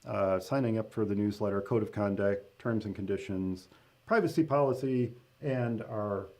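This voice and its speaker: A man's voice: on the low side, normal speed, dark tone. A man hosting a casual live-stream update as the event organizer, talking loosely with many fillers, restarts and laughing asides.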